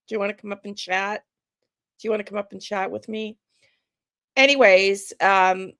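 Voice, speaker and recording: A woman's voice: mid-range voice, a bit bright, smooth, no echo. A woman hosting a true crime livestream, chatting casually with viewers, greeting them by name and laughing often.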